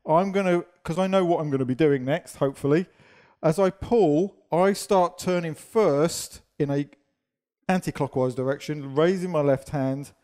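A man's voice: on the high side, warm tone. A man teaching a partner dance, explaining steps and counting beats in a chatty, self-deprecating way while losing his voice.

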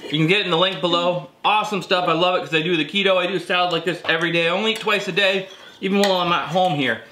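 A man's voice: sits high, fairly even intonation, racing, pushed and bright, reverberant, slight background noise. A man hosting a survival vlog, chatting playfully and teasing at a home lunch table, laughing often. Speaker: survival vlogger and channel host. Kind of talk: casual family chat to camera.

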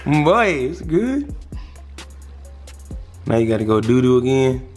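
A man's voice: mid-range voice, big pitch swings, slow pace, a little mellow, soft background music. A young man vlogging casually at home, talking playfully and dotingly to a new puppy. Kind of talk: casual vlog chat.

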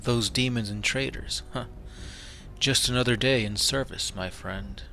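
A man's voice: medium pitch, a little slow, vocal fry, sharp tone, a little hiss or hum. A man reading the part of a weary veteran captain with a wry, resigned manner. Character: weary veteran male captain, old comrade.

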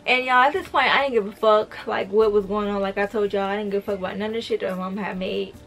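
A woman's voice: mid-range voice, steady tone, fast, fairly bright tone, soft background music. A young woman vlogger telling a storytime video, blunt and profane, talking straight to her viewers. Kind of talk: storytime vlog.

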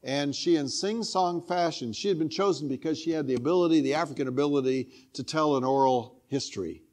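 An older man, a guest preacher, telling a personal story in a sermon with earnest feeling, dropping to a hushed tone at moving points. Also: a little high, fairly quick.

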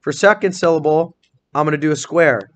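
A man teaching a small-group phonics lesson in a classroom, asking questions, encouraging answers and spelling words out slowly. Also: a little high, noisy background.

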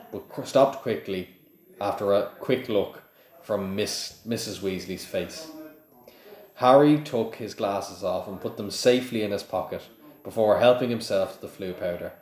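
A man reading a novel aloud to his listeners in a plain, steady way, with a few small slips. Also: fairly low pitch, a little slow. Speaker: reader of a book to listeners. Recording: echoey room.

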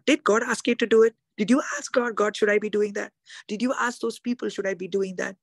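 Gravelly-voiced woman preaching fast. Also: low-pitched, no room sound, studio quality. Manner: fast, emphatic, acts out quoted voices. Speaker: preacher at a women's conference. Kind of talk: sermon.

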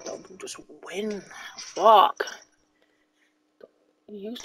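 A woman gamer chatting live while playing with a friend, swearing and yelling at other players. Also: mid-range voice, moderate pace, slight background noise. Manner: profane, excitable, shouts and swears at other players.

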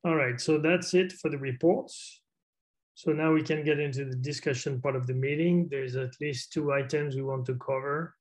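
A man's voice: a little high, fairly even intonation, moderate pace, low-quality recording. Easygoing man chairing a call. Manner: easygoing, chatty, with hesitant fillers. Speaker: meeting chair. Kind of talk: casual meeting talk.

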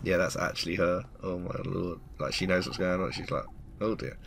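A man's voice: deep voice, fairly even intonation, a little fast, creaky. A man doing casual let's-play commentary, chatty and reactive, often laughing.

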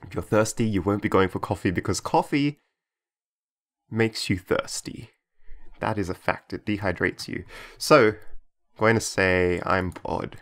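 A man's voice: on the low side, unhurried, long pauses, fairly bright tone. Chatty young man doing game commentary. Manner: chatty, jokey, reads game text aloud, stifles laughs. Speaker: YouTuber playing a game. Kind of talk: casual gameplay commentary.

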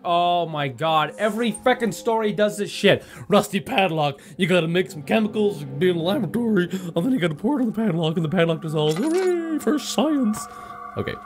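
A young man giving excitable, swearing let's-play commentary while playing a horror game. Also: a little high. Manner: hyper, swearing, joking, talking to the game. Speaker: gaming video host.

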